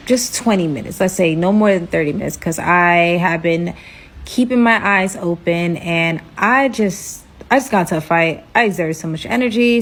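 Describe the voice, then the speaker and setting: A young woman telling a personal story in a casual storytime vlog, candid and animated, with her voice jumping up for her own outbursts. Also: on the low side, a little hiss or hum. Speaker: storytelling creator.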